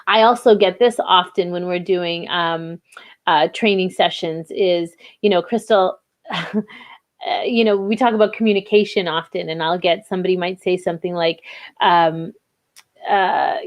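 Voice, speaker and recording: A woman talks through a diversity training session in a relaxed, conversational way. Her voice sits in a middle pitch, and she leans often on fillers and restarts as she explains. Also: normal speed. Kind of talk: casual live webinar talk.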